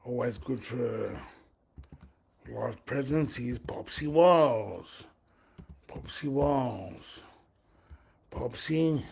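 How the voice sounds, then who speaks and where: A man's voice: medium pitch, very slow, vocal fry, long pauses, a little mellow, breathy edge. A man in his forties talking through a rambling live monologue, repeating his phrases and circling back to them. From Australia. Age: 40s. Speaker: livestream host.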